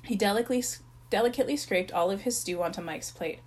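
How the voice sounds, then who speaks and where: A woman narrating a children's chapter book in a plain, even reading voice. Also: mid-range voice, fast talker. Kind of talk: storybook read-aloud.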